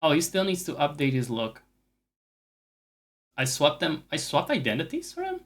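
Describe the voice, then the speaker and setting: This man streams games with a slightly high voice that swings hugely in pitch, speaking at a moderate pace. He chats casually while gaming, rambling, swearing and poking fun at himself.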